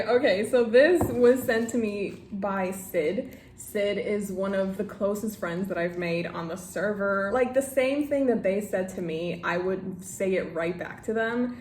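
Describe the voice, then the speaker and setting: A woman's voice: mid-range voice, a little slow, hardly any pauses, darkish tone, slight background noise. A young woman chatting in a reading vlog, gushing and tearing up as she opens gifts from friends. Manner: gushing, emotional, laughs and teary outbursts. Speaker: book vlogger. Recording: echoey room with faint ambience.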